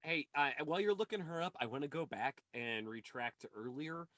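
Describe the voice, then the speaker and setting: A man's voice: fairly high pitch, fairly quick, dry recording. A man co-hosting a podcast, talking casually, swearing freely and blurting out asides. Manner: profane, lively, blurts out asides. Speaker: podcast co-host. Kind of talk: casual chat.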